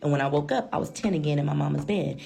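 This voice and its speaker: A woman's voice: deep voice, racing, gravelly, warm tone. A woman vlogger telling a story to her viewers in a chatty, slangy, casual way, calling them girl and child.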